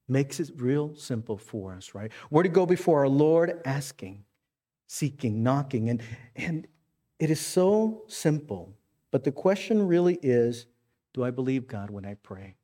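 A man preaching a sermon, telling stories in an animated way with repeated phrases. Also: mid-range voice, measured pace. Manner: storytelling, animated, repetitive phrasing. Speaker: pastor.

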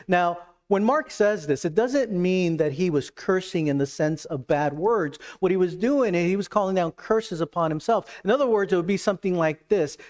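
A man's voice: moderate pace, hardly any pauses, a little mellow. Earnest, emphatic male preacher. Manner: acts out quoted lines with shifting pitch and pace. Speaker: pastor. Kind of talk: sermon.

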